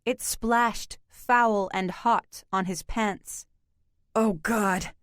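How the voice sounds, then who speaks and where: A woman narrating an audiobook with measured, even storytelling. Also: mid-range voice, clean tone, dry recording, studio quality.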